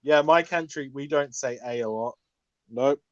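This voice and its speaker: A man's voice: mid-range voice, unhurried, no echo, dull audio. Dry-witted man with blunt quips. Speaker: livestream co-host. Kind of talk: casual chat.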